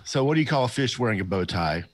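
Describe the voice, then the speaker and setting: A man, a podcast producer, telling dad jokes with a dry, low-key delivery. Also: animated, fast talker. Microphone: remote call.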